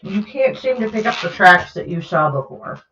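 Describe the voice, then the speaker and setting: A woman running a tabletop game as game master, narrating in a relaxed, halting way. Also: mid-range voice. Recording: echoey, dull lo-fi mic.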